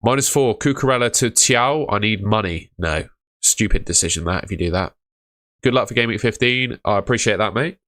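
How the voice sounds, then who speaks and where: Young male streamer, low voice, dry close sound, offhand and chatty. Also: fairly even intonation, a little fast, a bit bright, no echo. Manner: offhand, matter-of-fact, calls viewers mate. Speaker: fantasy football livestream host. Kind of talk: casual livestream chat reading viewer questions.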